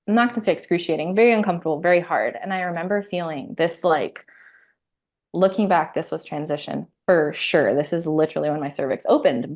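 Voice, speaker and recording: A woman in her thirties with a slightly low voice tells her own story in candid, conversational detail. She is animated, laughs often, and acts out her inner thoughts as she goes. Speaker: interview guest.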